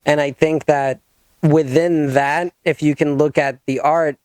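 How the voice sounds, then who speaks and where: A man's voice: on the high side, fairly even intonation, measured pace, a little mellow, no room sound. A man hosting a podcast in a studio, chatting loosely and rambling, swearing freely. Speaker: podcast host. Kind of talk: casual chat.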